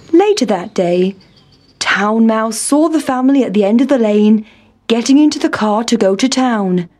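A woman narrating a children's storybook in a calm, measured reading. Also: on the high side.

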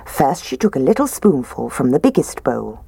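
Lady reading a kids story, low voice, goes up and down a lot. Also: big pitch swings, normal speed, gravelly, dark tone, slightly rough, dry recording. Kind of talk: reading a children's story aloud.

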